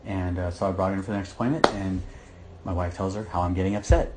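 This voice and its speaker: A middle-aged man, telling his story to a therapist in a rambling, halting way with many restarts. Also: low voice, fairly even intonation, very noisy. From Michigan, USA. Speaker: client in therapy session. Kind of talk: candid personal account.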